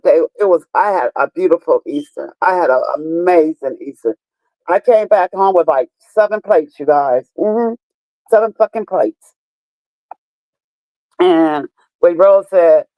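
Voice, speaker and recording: A woman in her fifties with a mellow voice on the low side talks casually on a live stream. She swears plenty and tells emphatic stories directly to her audience. The recording is rough, with no room sound.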